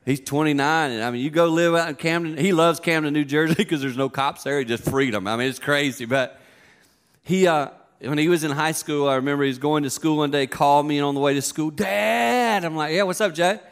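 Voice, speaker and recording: A man in his fifties preaching a sermon in a chatty, joking way. His voice sits a little high, and he tells stories to make his points. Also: fairly even intonation, a little fast, clean tone. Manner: conversational, joking storyteller. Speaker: pastor.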